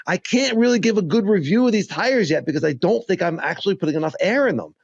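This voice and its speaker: A man's voice: high voice, animated, fast, gravelly, husky, muffled recording. A man co-hosting a podcast in casual chat, joking and rambling with restarts. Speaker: podcast co-host.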